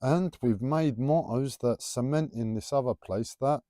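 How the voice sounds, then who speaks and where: A man's voice: mid-range voice, measured pace, few pauses, dark tone, dry recording, studio quality. A man livestreaming a casual, rambling spiritual monologue in a playful, teasing way.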